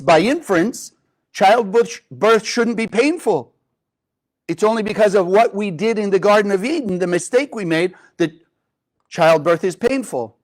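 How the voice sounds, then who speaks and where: A man teaching a group in a live class, retelling a story and asking many rhetorical questions. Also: sits high. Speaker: Kabbalah teacher.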